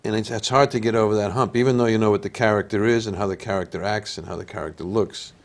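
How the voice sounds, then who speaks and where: A man's voice: on the low side, steady tone, fast, gravelly. An older man with an Italian-American accent and a nasal voice, telling stories as an actor guest in a casual interview. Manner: storytelling, easygoing.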